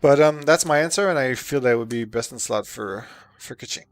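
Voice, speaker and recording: A man with a slightly sore throat, chatting casually with viewers while streaming a game, relaxed and full of fillers. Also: medium pitch, brisk, dry recording. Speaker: streamer answering chat questions. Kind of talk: casual live-stream chat while gaming.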